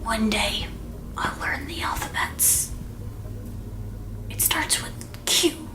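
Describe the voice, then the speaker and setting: A woman's voice: fairly high pitch, expressive, slow pace, poor audio. A young woman hosting an art channel, talking in a playful pirate voice in whispered role-play.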